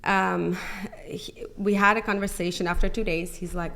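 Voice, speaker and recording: A young woman with a slightly low-pitched voice tells a personal testimony as a podcast guest. She talks in a loose, chatty way, full of "like" fillers, and slips into the voices of the people she quotes. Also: fairly even intonation, fairly quick, few pauses, a bit bright. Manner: chatty, many "like" fillers, acts out quoted dialogue.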